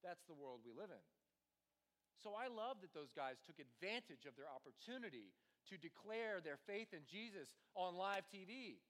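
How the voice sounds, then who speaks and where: A man preaching an energetic sermon to a live audience, animated and full of dramatic asides. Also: fairly high pitch. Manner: animated, jumps between voices for quotes.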